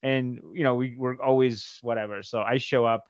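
A man co-hosting a podcast, telling stories in profane, animated casual chat and slipping into quick impressions. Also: mid-range voice, dry recording, dull audio. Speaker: podcast co-host.

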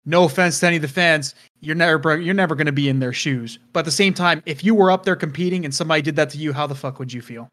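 A man's voice: fairly high pitch, rapid-fire, few pauses, a bit bright. A man co-hosting an esports podcast, making emphatic, preachy points and swearing for emphasis. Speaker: podcast co-host. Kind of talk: casual esports podcast chat.

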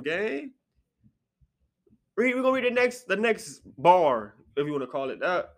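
A man hosting a casual solo podcast from his apartment, swinging between sudden high exclamations and low mutters. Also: measured pace, long pauses. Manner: animated, jumps into sharp high outbursts then drops to low mutters. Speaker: podcast host. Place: apartment room.

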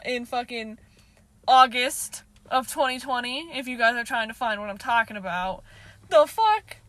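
A woman's voice: fairly high pitch, unhurried, a bit bright, no room sound. A young woman in her twenties telling a casual storytime to her viewers, talking loosely with a lot of filler and swearing, laughing now and then. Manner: chatty, heavy filler "like", frequent swearing, laughs often. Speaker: vlogger.

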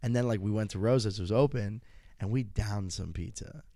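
A man's voice: fairly low pitch, brisk, warm tone, dry recording, clean studio sound. A young man, co-hosting a podcast and chiming in with jokes in casual chat. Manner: joking, chiming in, filling in details. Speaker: podcast co-host.

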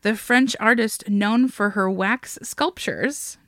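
A woman's voice: mid-range voice, slow, fairly bright tone, no room sound, studio quality. A woman co-hosting a podcast, telling a story in casual chat, laughing often and swearing freely. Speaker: podcast co-host.

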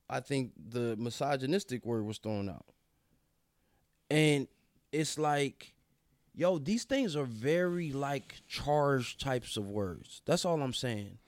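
A man co-hosting a casual podcast, earnest and deliberate, often restarting his sentences as he works through a point. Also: mid-range voice, lively intonation, no echo, clean studio sound. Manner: earnest, restarts often, slow and emphatic at times. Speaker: podcast co-host.

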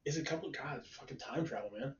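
A man's voice: mid-range voice, quick pace, slight background noise. A man from the United States tells stories in a loose, rambling way, swearing freely and laughing often. His voice comes from far off the mic in a roomy space. The audio is dull and lo-fi. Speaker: conversation partner. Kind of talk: casual chat.

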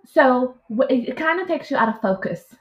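Animated high-voiced woman telling a story. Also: normal speed. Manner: animated, laughing, acts out her own past lines. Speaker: podcast guest. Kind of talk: casual birth story telling. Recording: dull lo-fi audio.

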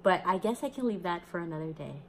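A woman's voice: lowish voice, expressive, fast talker, slight background noise. A young woman hosting a podcast, telling a personal story in a chatty way, laughing often and acting out the people she quotes. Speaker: podcast host.

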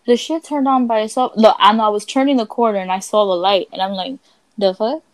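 A young woman co-hosts a podcast, telling ghost stories in a brash, profane, casual chat and animatedly acting out what people said. She talks briskly at medium pitch, and the recording is dry and rough.

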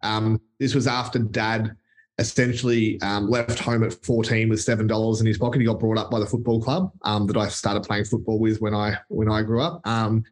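An Australian man being interviewed as a company chief, speaking in a relaxed, thoughtful way with frequent pauses. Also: lowish voice. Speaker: company CEO, guest. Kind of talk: casual interview chat.

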